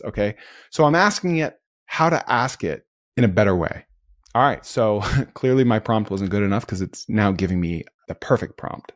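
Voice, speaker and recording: An upbeat man narrates a screen-recorded tutorial, explaining each click as he makes it. His voice sits a little low. The sound is dry and close, with no room around it. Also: expressive, moderate pace, no echo. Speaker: host.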